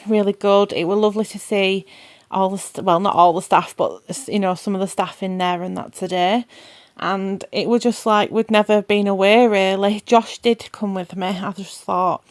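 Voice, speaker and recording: A woman's voice: mid-range voice, no room sound. A woman, chatting casually to her phone camera for a family vlog, rambling and laughing often. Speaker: family vlogger. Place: car, then home bathroom.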